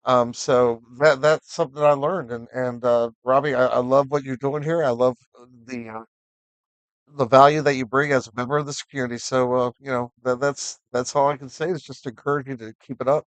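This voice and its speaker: A man's voice: mid-range voice, steady tone, a little fast, no room sound. A man hosting a live stream, talking casually and encouragingly with lots of fillers. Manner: encouraging, rambling with many fillers. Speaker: livestream host.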